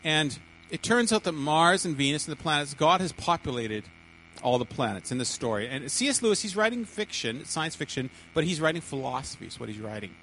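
A man's voice: a little high, sing-song, brisk, few pauses, fairly bright tone, a little hiss or hum, rough recording. A man preaching a sermon to a congregation, often stumbling, repeating words and restarting sentences.

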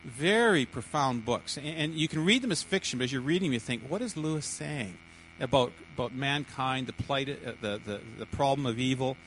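A man's voice: mid-range voice, expressive, a little fast, hardly any pauses, a bit bright, a little hiss or hum, low-quality recording. A man preaching a sermon to a congregation, often stumbling, repeating words and restarting sentences.

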